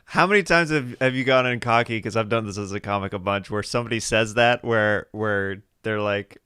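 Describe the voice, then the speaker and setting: A man's voice: on the low side, fairly quick, sharp tone, clear, resonant tone, dry recording, clean studio sound. A man hosting a casual comedy podcast, joking loosely and laughing often. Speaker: podcast host. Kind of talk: casual chat.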